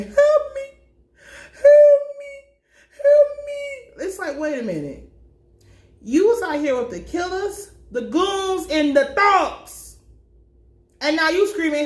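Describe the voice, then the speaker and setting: A woman giving a casual, blunt and profane recap of a TV episode, telling it in an animated way. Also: high voice, echoey room. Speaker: TV recap commentator.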